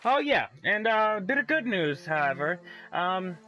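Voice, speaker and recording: A man's voice: high voice, very animated, moderate pace, bright, forceful tone, faint music behind, rough recording. A man hosting a let's play, commenting casually in a profane, rambling way and reading aloud from a magazine.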